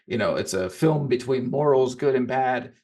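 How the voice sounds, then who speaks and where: A man's voice: medium pitch, normal speed, darkish tone. A man co-hosting a casual podcast chat about films, rambling and often restarting his sentences. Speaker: podcast co-host.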